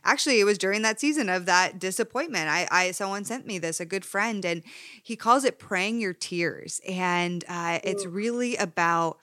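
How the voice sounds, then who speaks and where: A woman hosting a faith-based dating podcast in casual chat, animated and quick to laugh as she acts out quotes. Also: medium pitch, no room sound. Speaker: podcast host.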